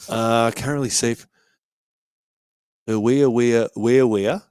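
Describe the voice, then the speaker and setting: A man's voice: medium pitch, fairly even intonation, slow pace, darkish tone, clean tone, no echo. A man hosting a casual fan podcast, talking with feeling, swearing freely and restarting his sentences often. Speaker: podcast host.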